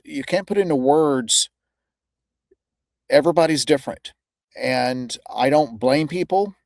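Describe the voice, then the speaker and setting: A male podcast host talks in an earnest, halting way and searches for his words. His pitch is average. The recording is dry, with no room sound. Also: a little mellow, no room sound. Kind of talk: casual interview talk.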